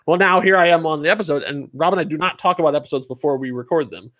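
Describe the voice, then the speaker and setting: A man's voice: on the high side, racing, no echo, muffled recording. A man co-hosting a casual podcast chat about a film, acting out what characters seem to say. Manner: animated, acts out characters' expressions with mock voices. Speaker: podcast co-host.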